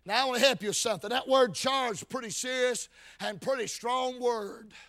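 A man preaching a shouted revival sermon with a chanted cadence, folksy rural speech and frequent calls of "Amen". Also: very high-pitched, normal speed.

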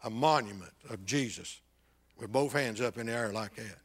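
An older man, a pastor telling a personal testimony that swings between loud bursts and hushed, near-whispered passages. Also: medium pitch, moderate pace, slightly rough.

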